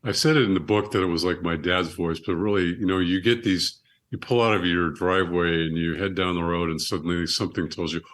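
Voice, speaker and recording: Very deep-voiced middle-aged man telling stories. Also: steady tone, brisk, hardly any pauses, fairly bright tone. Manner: reflective, earnest, with frequent restarts. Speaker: guest, surgeon and author. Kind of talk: conversational storytelling.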